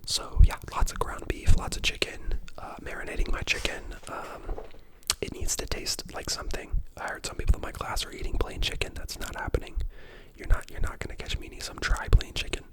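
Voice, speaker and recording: A person in their twenties whispering a casual ASMR ramble at home, chatty and full of fillers. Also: a little fast. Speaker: ASMR creator and dental student.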